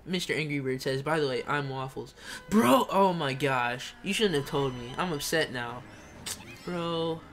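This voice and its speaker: A young man livestreaming a kart racing game, reading chat and shouting during play. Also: a little high, normal speed, soft background music. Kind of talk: live gameplay streaming.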